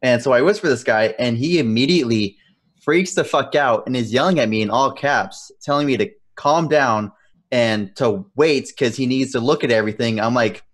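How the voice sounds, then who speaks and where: A young man co-hosting a casual gaming podcast, animated and profane, laughing often as he rants. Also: medium pitch, moderate pace. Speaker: podcast co-host.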